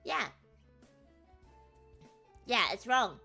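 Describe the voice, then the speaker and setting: A woman's voice: a little high, big pitch swings, drawn-out words, creaky, sharp tone, husky, faint music behind, full character voice. A woman imitating a flustered male immigration officer who stutters and hesitates. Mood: hesitant.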